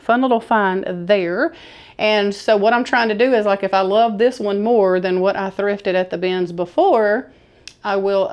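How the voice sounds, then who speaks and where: A woman, chatting enthusiastically to camera as she shows off her thrift haul. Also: medium pitch. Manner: chatty, enthusiastic, says y'all. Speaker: thrift vlogger showing a haul. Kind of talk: casual haul chat to camera.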